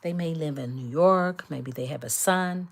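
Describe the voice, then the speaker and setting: A woman's voice: low voice, normal speed, creaky, slight background noise. A woman doing a collective tarot reading, speaking emphatically and repetitively straight to her viewers. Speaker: tarot reader.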